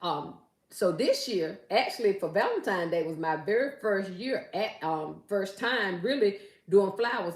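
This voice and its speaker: Chatty woman in a roomy echo. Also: fairly low pitch. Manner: chatty, reads viewer comments aloud, talks straight to viewers. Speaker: live stream host and gift basket maker. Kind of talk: casual live stream chat. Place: at home.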